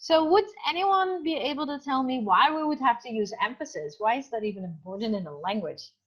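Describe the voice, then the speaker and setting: A woman's voice: sits high, animated, brisk. A woman teaching an English class over a video call, chatty and encouraging, often checking that students follow. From Indonesia. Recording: dull muffled video call audio.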